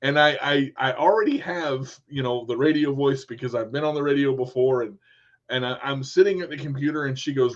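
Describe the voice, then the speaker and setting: A man's voice: medium pitch, brisk. A man hosting a radio interview show, chatting casually and acting out quotes as he tells stories. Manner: animated storyteller, acts out quotes. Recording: muffled lo-fi sound.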